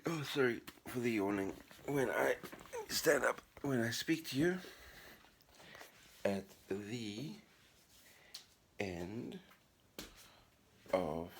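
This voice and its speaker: A middle-aged man, a vlogger and writer, chats casually to the camera from his apartment living room. His lowish voice sounds upbeat and rambling, with slight background noise behind it.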